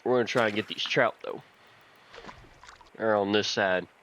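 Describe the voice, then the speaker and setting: A man's voice: fairly low pitch, moderate pace, muffled recording. A man from Texas, giving folksy, chatty commentary on a fishing game and telling fishing stories. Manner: folksy, chatty, excited when fish bite. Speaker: gaming channel host.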